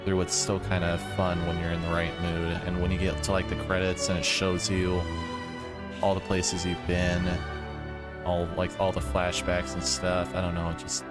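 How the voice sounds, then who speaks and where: A man's voice: low-pitched, monotone, moderate pace. A man livestreaming a video game, chatting casually and rambling with lots of fillers. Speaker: game streamer. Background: game music.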